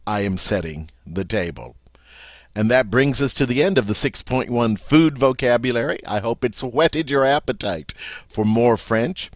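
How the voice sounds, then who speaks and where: A man teaching a French vocabulary lesson, saying each word several times slowly and clearly, and correcting himself in a relaxed way. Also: medium pitch, dry recording, clean studio sound.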